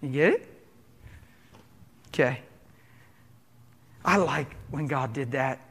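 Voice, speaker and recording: A man preaching a sermon in a church, impassioned, asking rhetorical questions and swinging between loud and hushed delivery. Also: mid-range voice, slow, breathy edge.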